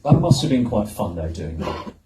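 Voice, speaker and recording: A man's voice: fairly low pitch, big pitch swings, moderate pace. A man hosting a convention panel, chatty and affirming, asking leading questions. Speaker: panel host. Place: convention hall. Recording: roomy hall, light noise.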